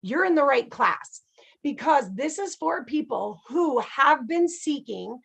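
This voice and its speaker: A woman teaching a class in a chatty, animated way, retelling stories and checking in with her listeners often. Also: sits high, slow, gravelly. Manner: chatty, animated storytelling with frequent "right?". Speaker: abundance teacher. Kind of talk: casual teaching talk.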